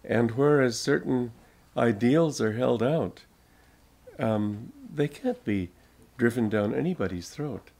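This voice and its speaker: A man's voice: mid-range voice, expressive, darkish tone. An older American man, a spiritual teacher, giving an informal talk to an audience, telling stories and laughing often as he goes. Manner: slow, chuckling storyteller.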